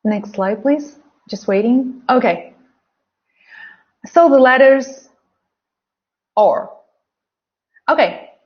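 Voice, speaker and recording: Woman teacher doing pronunciation drills on a webinar, slow and careful, kinda muffled mic. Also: high voice. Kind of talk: online webinar lesson.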